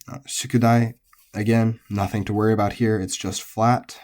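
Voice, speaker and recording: Casting note: man, lower-pitched, mellow tone, a relaxed language teacher talking through vocabulary with frequent fillers. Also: moderate pace. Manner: relaxed, explains step by step with many ums and uhs. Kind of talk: recorded pitch-accent lesson.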